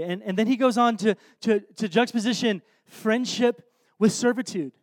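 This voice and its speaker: A man preaching in a casual, earnest way, often trailing off into soft, quiet phrases. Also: sits high, moderate pace, no echo. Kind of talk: conversational sermon.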